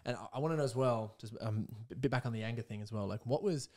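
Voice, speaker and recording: A man hosting a podcast in casual interview chat; he is relaxed and chatty and often says "dude" and "like". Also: medium pitch, fast talker. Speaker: podcast host.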